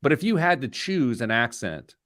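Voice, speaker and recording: Male host, lively storyteller with a very expressive voice, dry close sound. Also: medium pitch, moderate pace, no echo. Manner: animated joking storyteller. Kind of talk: casual show banter.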